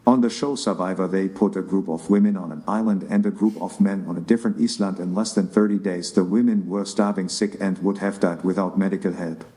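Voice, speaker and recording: A man's voice: deep voice, steady tone, a little fast, hardly any pauses, warm tone. A man reading out donation messages from viewers on a live stream.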